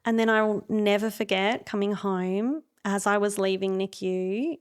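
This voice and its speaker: Earnest woman telling her story on a podcast, lots of little pauses, mid pitch. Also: steady tone, clear, resonant tone. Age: adult parent. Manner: earnest, reflective, with many hesitations. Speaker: podcast guest. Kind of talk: personal storytelling.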